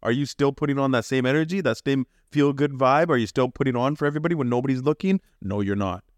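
A young Canadian man co-hosting a podcast, talking with passion and preaching hard, swearing freely and jumping to high emphatic peaks. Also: quick pace, no echo. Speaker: podcast co-host. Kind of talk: casual podcast chat.

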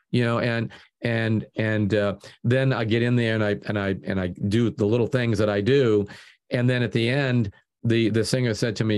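A man's voice: on the low side, fairly even intonation, normal speed, a little mellow. A man being interviewed as a music producer, talking casually and repeating words as he works out each thought. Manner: rambling, repeats words often as he thinks.

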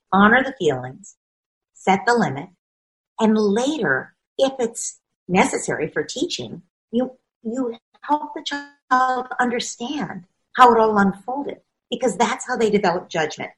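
A woman with a slightly high voice, talking through parenting ideas as an expert guest in an interview. She explains with emphasis and slips into the voices of parents and children to make her points. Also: sing-song, unhurried, low-quality recording. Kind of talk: conversational interview.

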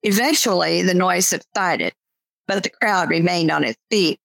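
A woman author talking about her books and reading a passage from her novel in a steady, measured way. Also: lowish voice, creaky, no echo, rough recording.

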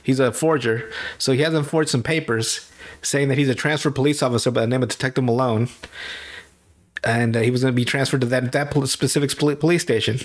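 Stuffy-nosed man chatting about movies. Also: mid-range voice. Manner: rambling, self-correcting, swears and laughs. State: stuffy nose. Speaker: podcast co-host. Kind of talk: casual movie chat.

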